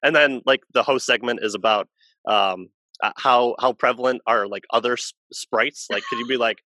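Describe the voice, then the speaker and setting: A man's voice: medium pitch, normal speed, pushed and bright, no echo. A man co-hosting a casual podcast chat, rambling through stories and acting out what people said in little voices. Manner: rambling storyteller who acts out quotes in voices. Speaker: podcast co-host, Christian channel manager.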